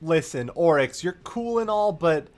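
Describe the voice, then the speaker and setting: A man's voice: a little high, expressive, measured pace. A man doing an awkward alien making excuses. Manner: hesitant, awkwardly polite.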